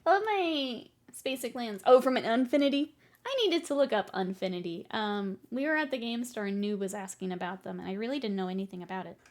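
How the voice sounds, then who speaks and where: Painting miniatures on stream, this woman chats casually and playfully with viewers, rambling, teasing herself and frequently dissolving into giggles. She talks briskly in a fairly high voice.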